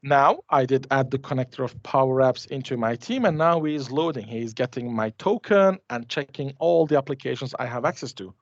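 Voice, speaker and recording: Man demoing software, dull audio. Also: medium pitch, animated, fairly quick, hardly any pauses, no room sound. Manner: chatty, restarts and hesitates while clicking through a demo. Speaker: conference presenter. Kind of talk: live software demo.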